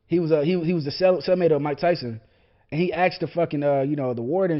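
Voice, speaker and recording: A man's voice: a little high, fast. Profane young man ranting on a podcast. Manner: profane, rambling, laughing often. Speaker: podcast host. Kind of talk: casual ranting podcast monologue. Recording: lo-fi dull podcast audio.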